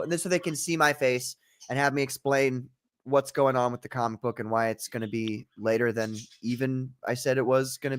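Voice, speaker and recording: A man hosting his own livestream in a rambling, self-deprecating way, stopping and restarting his thoughts. His voice is mid-pitched for a man. He talks loosely and casually. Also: fairly bright tone. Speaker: comic book creator and stream host.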